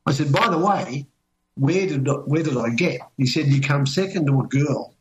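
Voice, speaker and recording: A man's voice: a little high, moderate pace, rough recording. An older man with an Australian accent, telling long stories in casual chat, rambling with many fillers and restarts.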